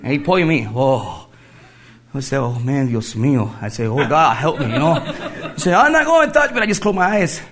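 A man giving a personal faith testimony, telling his story in halting English and laughing through it. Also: mid-range voice, animated, a crowd in the background. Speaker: testimony speaker.

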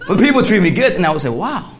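Man sharing his testimony, lively and a bit high, halting English, laughs often. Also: a loud crowd. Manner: animated storytelling in halting English. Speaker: testimony speaker. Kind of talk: personal faith testimony.

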